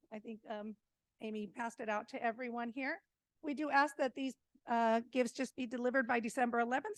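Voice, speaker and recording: A woman with a fairly high voice recounts a story to a meeting in a relaxed, chatty way, full of fillers and small laughs. The sound is dry and close, with no room echo. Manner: warm anecdotal telling with fillers and laughs. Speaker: senior meal program presenter.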